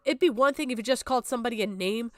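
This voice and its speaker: A young adult woman talks very fast on a livestream, upset and tearful, swearing often and on the verge of crying. Her voice is on the high side, and the recording has no echo.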